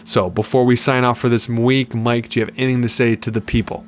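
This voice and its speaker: A man's voice: medium pitch, flat delivery, fairly quick, a little hiss or hum. A man co-hosting a casual podcast, giving confident, upbeat fight picks and betting advice. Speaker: podcast co-host.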